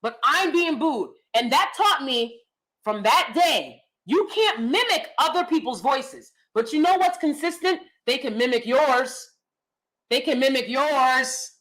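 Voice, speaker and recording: A woman in her thirties hosting a casual commentary stream, animated and emphatic, rambling with asides and reacting to chat. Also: high-pitched, unhurried, rough recording. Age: 30s. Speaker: commentary channel host.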